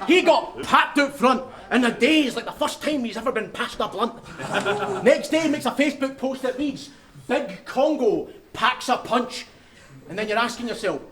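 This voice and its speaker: High-voiced Scottish battle rapper. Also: male voice. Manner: crude, taunting, laughing at own lines. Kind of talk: live rap battle performance. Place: large live venue. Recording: echoey hall with loud crowd.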